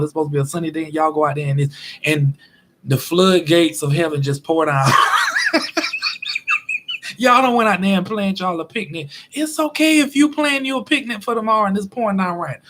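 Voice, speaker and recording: A man telling a story in a chatty, animated way as a vlog host. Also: on the high side. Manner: animated, chatty, acts out quotes. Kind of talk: casual storytelling monologue.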